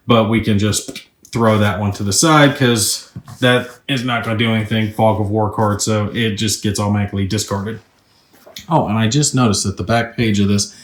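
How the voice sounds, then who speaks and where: A man reviewing a board game, talking through his moves and the rules in a chatty, upbeat way. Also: on the low side. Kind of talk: casual tabletop gameplay walkthrough. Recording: roomy echo.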